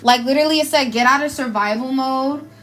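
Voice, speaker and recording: A woman's voice: sits high, a little fast, fairly bright tone, soft background music. A woman, giving an emotional, effusive live tarot reading in casual slang. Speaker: tarot reader. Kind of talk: live spiritual card reading.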